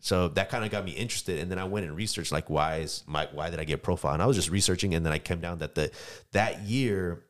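A man's voice: low-pitched, quick pace, few pauses. An American man as a podcast guest, telling a story in casual, slangy chat and acting out the people in it. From United States.

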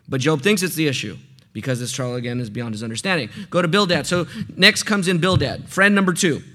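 A man's voice: sits high, pushed and bright. A man preaching a sermon, walking through a passage and asking his listeners questions to fill in the blanks. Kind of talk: sermon teaching.

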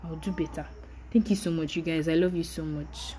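A woman's voice: low voice, steady tone, fairly quick, mellow, slight background noise, poor audio. Candid young woman podcaster. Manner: candid, chatty, apologetic, with light laughs. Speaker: podcast host. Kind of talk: casual solo podcast monologue.

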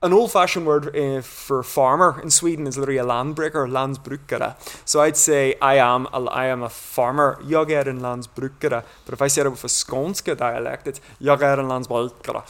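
A man's voice: medium pitch, steady tone, a little fast, hardly any pauses, fairly bright tone. Northern Irish man telling rambling stories. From Northern Ireland. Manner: rambling, chatty storytelling with a lecturing streak. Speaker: podcast guest, archaeologist. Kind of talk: casual conversation.

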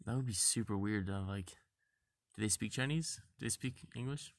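A man's voice: fairly low pitch, moderate pace, gravelly, no room sound, studio quality. A young man in goofy, playful casual chat who laughs a lot. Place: blanket fort.

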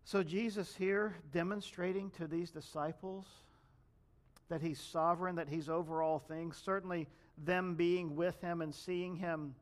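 A man's voice: on the high side, fairly even intonation, measured pace. A man preaching a sermon in a conversational way, addressing the congregation directly and acting out the people in the story. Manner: conversational preaching, acts out quoted voices. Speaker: pastor.

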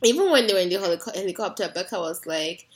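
A woman's voice: lowish voice, lively intonation, quick pace. A young woman co-hosting a podcast, chatting casually about a TV show in laid-back, slangy banter and laughing a lot. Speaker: podcast co-host. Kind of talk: casual chat recapping a TV show.

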